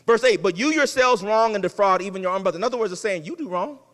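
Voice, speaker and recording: A man delivers a sermon in a casual, folksy way, his high voice leaping across a wide range. The sound is bright and forceful. A long hall reverb trails every phrase. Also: fast. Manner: animated preaching, swings from loud to hushed. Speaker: pastor. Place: church sanctuary.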